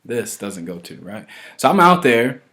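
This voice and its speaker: A vlogger in his thirties talks straight to the camera for his followers, his medium-pitched voice very animated though his pace stays measured. He's casual, earnest, and rambling, keeps asking "right?", and gets more forceful as he presses his points.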